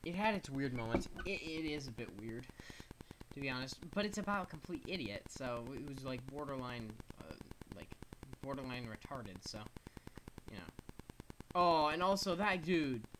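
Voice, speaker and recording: Excitable gamer rambling over noise. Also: mid-range voice, normal speed. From United States. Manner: rambling, excitable reactions with laughs. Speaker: gaming YouTuber. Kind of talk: casual let's-play commentary, reading chat.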